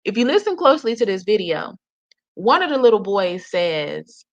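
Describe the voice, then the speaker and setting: A woman's voice: mid-range voice, big pitch swings, normal speed. A woman hosting a casual reaction commentary, chatty and slangy, often laughing and calling her viewers "y'all.". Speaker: reaction channel host. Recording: dull lo-fi audio.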